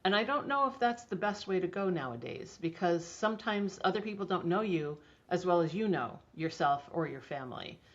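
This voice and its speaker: A middle-aged woman guest talking enthusiastically about homeopathy in a casual interview, chatty with many restarts. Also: on the low side. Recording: dull lo-fi audio.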